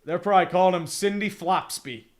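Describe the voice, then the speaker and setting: Young male streamer, high-pitched, rapid excitable play-by-play, swears freely, drifts into rambling chat asides. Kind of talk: casual hockey play-by-play with chat reading.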